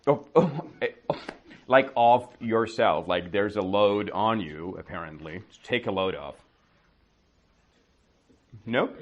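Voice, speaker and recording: A man with a fairly low voice and lively intonation teaches idioms to an English class, joking with and quizzing his students. He slows down and goes quiet on the example phrases, and the audio sounds dull.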